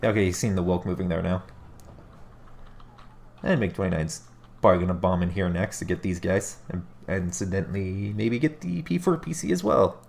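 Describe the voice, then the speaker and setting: Low gravelly man, allergy-stuffed caster. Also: expressive, brisk, a little mellow, a little hiss or hum. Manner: casual, musing, corrects himself mid-sentence. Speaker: game caster. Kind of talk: live play-by-play commentary on a strategy game replay.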